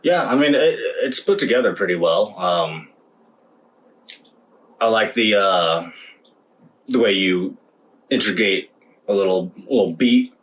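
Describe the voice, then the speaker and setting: A man's voice: on the low side, animated, measured pace, long pauses, a bit bright, poor audio. A man co-hosting a casual podcast chat, hesitant, with stumbling restarts. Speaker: podcast co-host.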